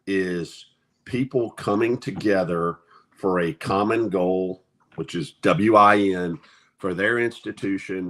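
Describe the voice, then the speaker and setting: Athletic director guy on sports radio, really deep voice, upbeat and speechy. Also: a bit bright. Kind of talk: casual sports talk.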